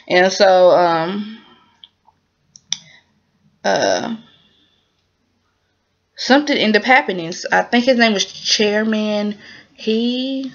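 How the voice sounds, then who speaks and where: A woman's voice: medium pitch, slow pace, pauses often, highs cut off. Chatty woman recapping a drama. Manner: chatty, animated, lots of fillers and asides. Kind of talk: casual spoken recap.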